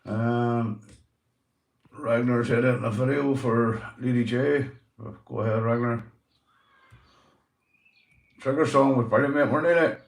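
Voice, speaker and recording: A man's voice: medium pitch, a little slow, long pauses. Chatty Northern Irish man, echoey room. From Northern Ireland. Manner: loose and chatty, swearing, calls viewers "mate". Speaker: livestream host. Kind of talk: casual livestream chat reading comments.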